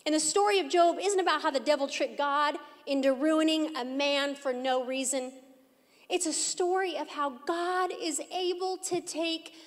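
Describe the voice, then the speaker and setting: A woman's voice: high-pitched, fairly even intonation, moderate pace. A woman pastor preaching an emphatic, earnest sermon in a church hall. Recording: echoey hall.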